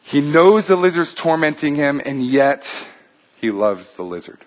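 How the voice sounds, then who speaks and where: A man's voice: fairly high pitch, very animated, measured pace. A male pastor preaching a sermon, retelling a story in a conversational way with fillers.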